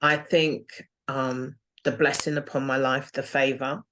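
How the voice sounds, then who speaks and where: A woman's voice: extremely low pitch, little pitch movement, unhurried, fairly bright tone, slight background noise. A woman guest telling her own story in an interview, earnest and reflective. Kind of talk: interview testimony.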